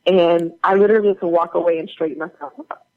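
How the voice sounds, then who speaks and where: A woman guest tells stories from her work in an animated, chatty way, full of fillers and restarts. The recording sounds dull and lo-fi, with the top end rolled off. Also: lowish voice, fast talker. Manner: animated, chatty anecdote-telling with many fillers. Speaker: guest actor. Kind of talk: casual interview storytelling.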